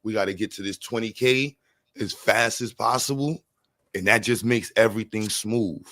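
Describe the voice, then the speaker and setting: Energetic New livestream host. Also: male voice, lowish voice, normal speed, no room sound. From New York. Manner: energetic, repeats words, slangy, shouts out chat. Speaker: livestream host raising funds for a school. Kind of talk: casual livestream chat.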